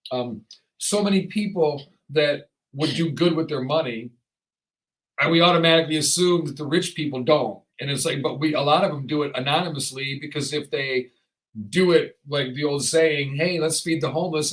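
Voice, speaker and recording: A man hosting a casual podcast chat, rambling and animated, often acting out the voices of people he quotes. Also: fairly high pitch, low-quality recording. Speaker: podcast host.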